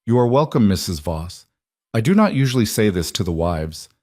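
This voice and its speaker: A man's voice: fairly low pitch, very animated, a little mellow, no echo, clean studio sound. A man doing a terse Russian driver. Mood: grave. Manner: terse, formal, measured. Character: stoic older Russian male driver.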